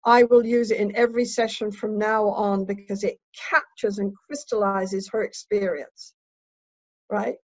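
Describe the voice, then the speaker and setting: A woman's voice: mid-range voice, flat delivery, a little slow, dry recording, dull audio. A woman therapist and trainer giving a teaching lecture, emphatic and instructive, often checking in with "right?".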